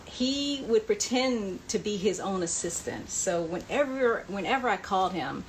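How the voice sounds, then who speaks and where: A woman hosting a live online chat, answering fan questions and reading out comments in a relaxed, chatty way. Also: mid-range voice, a little slow, slight background noise, poor audio. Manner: chatty, reads out viewer comments, laughs often.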